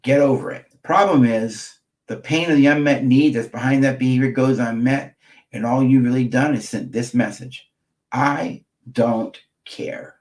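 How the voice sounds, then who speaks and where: A man's voice: mid-range voice, steady tone, moderate pace, a little mellow. A middle-aged man, a marriage therapist, gives an emphatic teaching talk to camera, repeating key phrases and checking in with his listeners.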